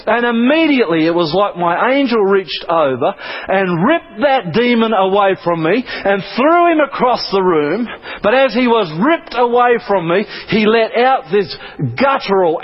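Preacher guy, high pitched and kinda husky, earnest dramatic testimony. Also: sing-song, measured pace. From Australia. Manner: earnest, dramatic storytelling with repeated phrases. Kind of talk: sermon testimony. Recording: dull lo-fi recording.

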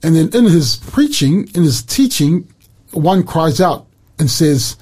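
A man talks through a scripture passage on Christian radio. His voice is fairly high but mellow and husky. He talks in an earnest, animated way and gives quoted lines extra emphasis. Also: slow pace. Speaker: radio Bible teacher. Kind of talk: Bible study chat on Christian radio.

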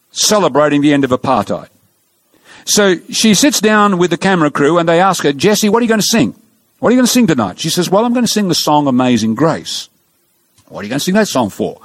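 A man preaching a sermon, telling stories and acting out dialogue, slowing down for emphasis. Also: fairly high pitch, no echo. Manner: storytelling, animated, acts out dialogue; slows down for emphasis.

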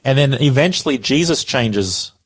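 A man's voice: medium pitch, animated, moderate pace. A man casually explaining a Bible passage, animatedly acting out the quoted dialogue.

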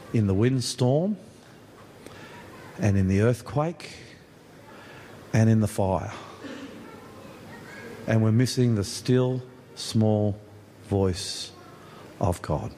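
A man with an Australian accent preaching a sermon as pastor, dropping to a hush and rising again, repeating phrases for emphasis. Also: on the high side. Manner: swings from hushed to rousing, repeats phrases for emphasis. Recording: echoey church hall with faint ambience.

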